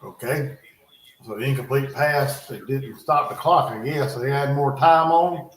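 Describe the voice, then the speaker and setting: A man's voice: medium pitch, measured pace. Male streamer, loose play-by-play with offhand asides, recorded at home in a roomy echo. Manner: chatty, thinks aloud, muttering asides. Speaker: livestream host reacting to football. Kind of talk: casual live game commentary. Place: home in North Carolina. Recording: echoey room.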